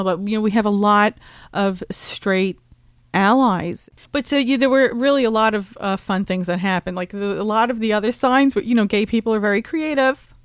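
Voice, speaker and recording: A woman talks through a casual recap in a loose, animated way, filling her sentences with "like" and "um". She is blunt and now and then profane. Her voice sits at an ordinary middle pitch and sounds close and dry, with no room around it. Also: no room sound. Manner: chatty and animated, with frequent "like" and "um" fillers; blunt and profane, with bursts of laughter. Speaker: vlogger recounting a protest rally.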